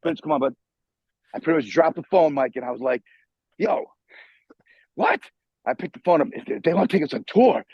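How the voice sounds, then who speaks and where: On a casual interview, a middle-aged guitarist guest from New York tells a story in an animated, foul-mouthed way, often starting over. He has a husky voice at an ordinary pitch. The muffled video call recording sounds dull and dry.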